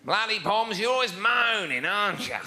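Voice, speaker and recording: A man playing a loud, rude bloke who rants and mocks in a drawn-out, shouting voice. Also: high voice, lively intonation, voice pushed up, heavily acted. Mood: ranting mockery. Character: loud whinging Australian bloke, rude and mocking.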